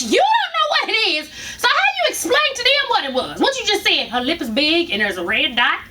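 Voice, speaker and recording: A woman tells a story straight to camera, animated, profane and quick to laugh. Her voice sits very high and swings widely. It is bright, and a faint hiss of noise runs under the recording. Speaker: vlogger. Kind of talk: casual storytelling.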